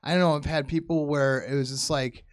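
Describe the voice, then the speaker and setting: A man hosting a casual chat, a veteran himself, who talks in a relaxed way, swears freely and chimes in often. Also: fairly high pitch, moderate pace, dry recording, clean studio sound. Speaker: podcast host, veteran.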